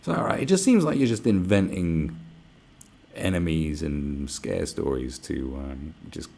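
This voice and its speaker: A man's voice: extremely low pitch, lively intonation, measured pace, creaky, mellow. A man hosting a live stream, ranting casually with lots of swearing and sarcastic asides. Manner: profane, sarcastic, mocks others in put-on voices.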